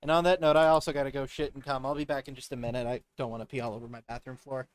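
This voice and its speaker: A woman's voice: a bass voice, fairly even intonation, racing, dry recording. A woman streaming a game, casual and loose, making crude jokes. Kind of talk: casual game let's play.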